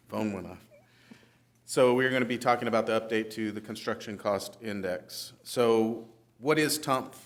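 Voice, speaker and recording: A man on city staff giving an easygoing, explanatory presentation to a city council. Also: on the low side. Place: council chamber.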